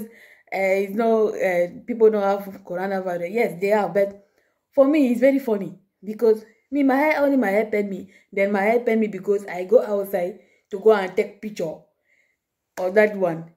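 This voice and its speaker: A woman's voice: medium pitch, normal speed, dark tone. A woman vlogger telling a story to her viewers in broken English, chatty and amused, laughing often.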